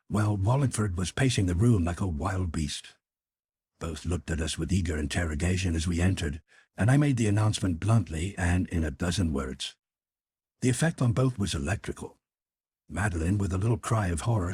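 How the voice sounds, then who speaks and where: A man narrating a classic mystery in first person, measured and even. The voice is very deep and husky, recorded dry and close. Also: no echo. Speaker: audiobook narrator.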